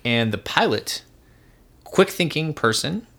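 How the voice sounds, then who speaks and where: A man's voice: on the high side, expressive, slow, creaky, sharp tone. A man co-hosting a podcast, telling a story in a rambling, casual way with restarts and laughs. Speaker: podcast co-host.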